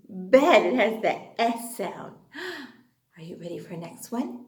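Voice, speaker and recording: A woman's voice: medium pitch, very animated, unhurried, darkish tone, echoey room. A woman teaching a phonics lesson to young children in an exaggerated, sing-song way, gasping with delight between questions. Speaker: kindergarten teacher.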